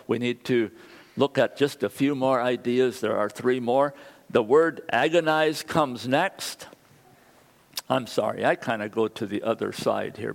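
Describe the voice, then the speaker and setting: A man preaching a sermon, telling a personal story earnestly and building excitement at key moments. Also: medium pitch.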